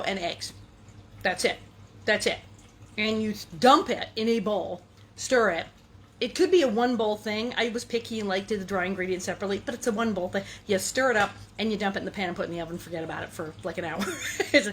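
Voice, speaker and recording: A woman's voice: mid-range voice, slight background noise. A woman hosting a casual cooking demonstration in a kitchen, chatty and playful, breaking into sing-song asides. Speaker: cooking show host.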